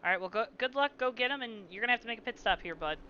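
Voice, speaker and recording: Male sim racing play-by-play caller, bright forceful voice, joking asides, faint background hiss. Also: very high voice, expressive, rapid-fire, muffled recording. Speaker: play-by-play commentator.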